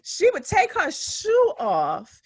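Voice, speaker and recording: A woman's voice: very high-pitched, takes it slowly, no room sound. A woman in her forties from West Philadelphia, co-hosting a casual podcast chat, telling stories with lots of laughter and acted-out quotes. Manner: animated storytelling, laughs often, acts out quotes. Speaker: podcast co-host, physician.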